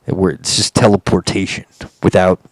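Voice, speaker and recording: Recounting an encounter in a casual monologue, this low-voiced man rambles with intensity and swears frequently. His tone stays level, his pace is moderate, and there's no echo.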